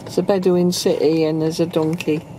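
A woman's voice: deep voice, flat delivery, moderate pace, warm tone, a little hiss or hum. A woman filming a casual travel vlog with a handheld camera, teasing her companion with dry humor. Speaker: vlogger. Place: in a car, then a desert cabin.

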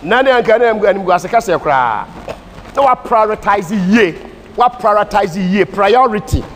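A Ghanaian Bible class teacher delivers sermon-style teaching in Ghanaian English, moving between English and Twi with an emphatic preaching cadence. His high, slightly bright voice is animated at a moderate pace. The church hall gives distant reverb, with faint hiss and ambient noise underneath.

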